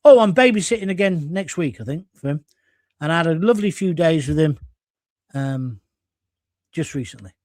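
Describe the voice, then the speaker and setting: A middle-aged English man hosts a casual live stream, reading viewer comments aloud and answering them bluntly. He swears freely and speaks in a fairly high voice, recorded close on a dry mic. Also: lively intonation, moderate pace, pauses often, darkish tone, no room sound.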